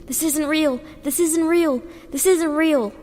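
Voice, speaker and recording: A woman doing a frightened young boy, high and reverberant. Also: moderate pace, mellow, lightly acted. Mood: screaming. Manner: panicked, pleading screams. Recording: reverberant with background music.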